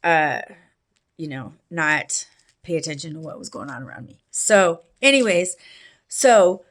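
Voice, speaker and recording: A middle-aged woman rambles casually through a personal story, full of fillers and false starts, and her allergies keep making her clear her throat. Her voice sits low and expressive, and she speaks at a measured pace.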